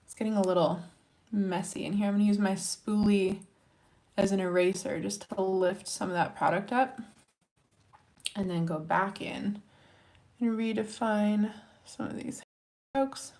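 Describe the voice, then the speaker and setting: A woman's voice: medium pitch, unhurried, long pauses, darkish tone. A young woman from Montana chatting to her viewers in a casual makeup tutorial, encouraging and talking while she works. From Montana, USA. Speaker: makeup vlogger.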